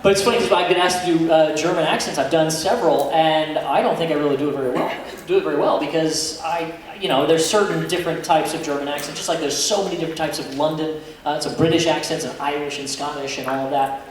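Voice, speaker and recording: Laughing voice actor in an echoey hall. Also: male voice, a little high, steady tone, fast, few pauses, slight background noise. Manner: laughing often, chatty storytelling. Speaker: guest voice actor. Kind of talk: convention panel Q&A. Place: convention hall. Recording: echoey hall from far off, crowd ambience.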